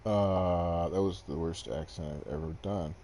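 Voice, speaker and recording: Young man, game streamer, very low pitch, slow talker, casual rambling commentary, self-deprecating, desk mic. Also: dark tone. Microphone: desk microphone.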